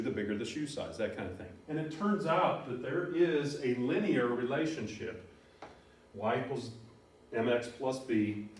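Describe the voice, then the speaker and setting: Middle-aged male algebra instructor, animated lecturer, recorded far from the mic in a very echoey room. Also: mid-range voice, slight background noise. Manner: animated, bursts into shouts on key words. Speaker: college math instructor.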